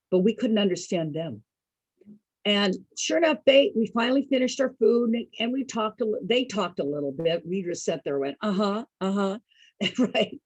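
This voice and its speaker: A woman with a husky voice telling a casual story to an online group over a video call, chatty and calling her listeners folks. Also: medium pitch, no echo, poor audio. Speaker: storyteller host.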